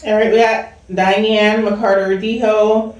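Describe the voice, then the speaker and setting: A woman's voice: medium pitch, little pitch movement, takes it slowly. Giggly woman reading out comments, far off mic, big room echo. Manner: giggly, reads aloud steadily. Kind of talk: reading viewer comments aloud. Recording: very echoey room, distant mic.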